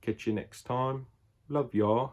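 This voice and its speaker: A man's voice: mid-range voice, fairly even intonation, takes it slowly, slight background noise. Laid-back rambling man reviewing a film. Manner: rambling, laid-back, heavy on "like" and "I don't know". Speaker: film reviewer and channel host. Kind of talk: casual unscripted vlog review.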